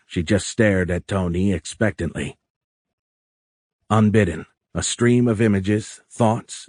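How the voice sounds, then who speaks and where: Deep voiced guy reading an audiobook, slow and even, dry close mic. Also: dry recording. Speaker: audiobook narrator. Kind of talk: scripted audiobook narration.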